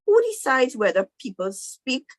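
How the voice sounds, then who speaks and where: A woman voicing an all-powerful male god who gives forceful, emphatic commands. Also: medium pitch, moderate pace, no echo, studio quality, close to an everyday voice. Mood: challenging.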